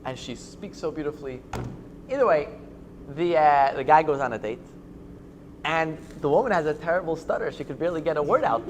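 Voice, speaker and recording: A man, a rabbi, teaching an informal Torah class, talking in a halting way with many fillers and restarts and joking along the way. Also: a little high, lively intonation, a little hiss or hum.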